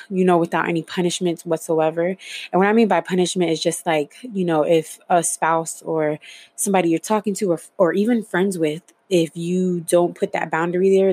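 A woman's voice: fairly low pitch, a little mellow, no echo. A young adult woman casually telling a personal story, candid and loose, swearing freely with lots of fillers.

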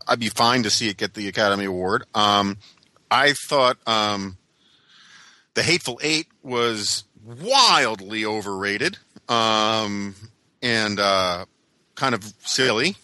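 A man's voice: on the low side, slow pace, pushed and bright, no echo. A man co-hosting a casual podcast chat, musing hesitantly with many ums. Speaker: podcast co-host.

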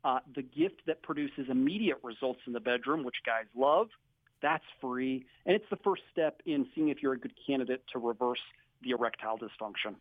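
A man from a clinic giving an upbeat, salesy sponsor pitch on a radio show. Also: fairly quick, no echo, narrow, tinny audio. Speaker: clinic representative, sponsor guest.

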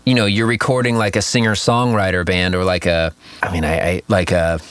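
A man's voice: low voice, little pitch movement, brisk, a bit bright, no echo. A man in casual chat, answering questions about producing music with lots of fillers and acted-out quotes. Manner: rambling, many fillers, acts out quotes.

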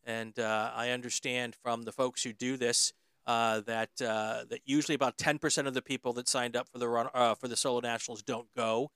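A man hosts a casual interview podcast, filling his sentences with ums and uhs. His voice is bright and smooth. The recording is dry, with no room sound. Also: medium pitch, little pitch movement, a little fast, no echo. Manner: hesitant, lots of ums and uhs. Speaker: podcast host.

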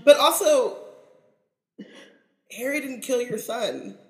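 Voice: sits high, slow pace, a bit bright. A podcast co-host in casual chat, slangy, joking and emphatic. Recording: roomy echo.

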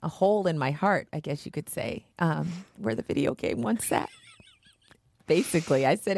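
A woman radio co-host telling a story with mock melodrama, acting out quotes with big jumps in pitch. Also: lively intonation, moderate pace, vocal fry, a little mellow, no room sound.

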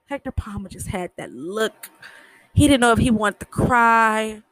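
A woman's voice: fairly high pitch, lively intonation, measured pace, a bit bright, no echo. A woman hosting a podcast, chatting casually through a TV episode recap and retelling scenes in her own words. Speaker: podcast host.

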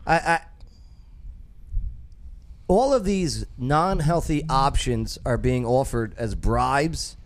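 A man's voice: medium pitch, expressive, slow pace, pauses often. A man hosting a casual talk show, joking and rambling with restarts. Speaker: host. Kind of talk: casual podcast chat.

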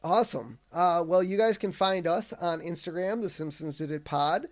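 A man co-hosting a casual podcast, excitable and laughing often. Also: sits high, moderate pace. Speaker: podcast co-host.

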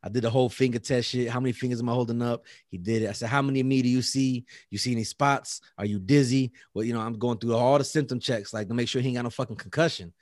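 Casting note: man, casual storyteller, medium pitch, dry close sound, animated, often laughs. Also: fast talker, few pauses, no room sound. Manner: animated, acts out dialogue, laughs often, heavy profanity. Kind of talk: casual chat.

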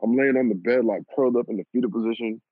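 A young man casually telling a personal story, animated and swearing and laughing at himself. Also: mid-range voice, racing, husky, dry recording. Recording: lo-fi phone-like audio.

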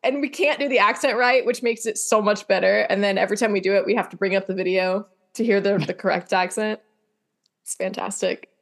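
A woman's voice: medium pitch, steady tone, fairly quick. A woman co-hosting a podcast in casual chat, laughing often and reacting with surprise. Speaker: podcast co-host.

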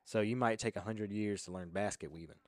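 Young man, low voice, relaxed game-master explainer, dry mic. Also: brisk, dry recording. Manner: relaxed, filler-heavy explaining. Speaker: podcast host and game master. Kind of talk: casual explanatory chat.

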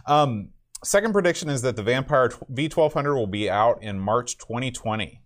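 A man's voice: medium pitch, lively intonation, normal speed. A man co-hosting a podcast, chatting casually and reading out listener messages. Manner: reads listener predictions aloud, chuckling. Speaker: podcast co-host. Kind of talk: casual chat.

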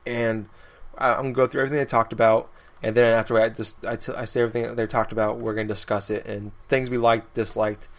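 A man's voice: medium pitch, level tone, fast talker. A young man hosting a casual gaming podcast, rambling through his notes with frequent laughs. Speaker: podcast host.

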